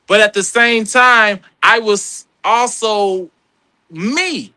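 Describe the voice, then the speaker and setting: A man in his thirties with a high, bright voice tells stories as a podcast guest. He acts out the people in them with lively voices. The sound is dry and close, with no room around it. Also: extremely slow, smooth, no room sound. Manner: animated, acts out quoted people in a higher voice. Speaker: guest comedian and actor. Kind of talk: storytelling in a casual podcast chat.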